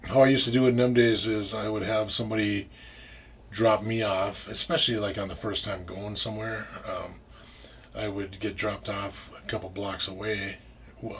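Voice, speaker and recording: A man's voice: fairly low pitch, little pitch movement, normal speed, a little hiss or hum. A man telling a story in casual talk, rambling with restarts and frequent swearing. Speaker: interview guest.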